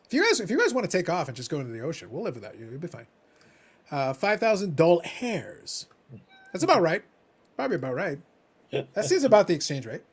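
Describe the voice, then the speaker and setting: Sarcastic man with a lively, jumping pitch. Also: very fast, husky. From Canada. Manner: sarcastic, teasing, dramatic swings between mutters and loud outbursts. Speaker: co-host reading chat. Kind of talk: casual live-stream chat.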